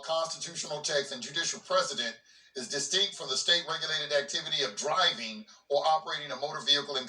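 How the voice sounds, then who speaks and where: A man reads a legal memorandum aloud and stops now and then to explain it in plain talk, restarting and repeating his words. His voice is very bright and edged. It echoes through the room from a distance. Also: on the high side. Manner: breaks off reading for plainspoken asides, repeats words when he restarts. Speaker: host of a legal commentary channel. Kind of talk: reading a legal document aloud with casual commentary. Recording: roomy echo, voice from away from the mic.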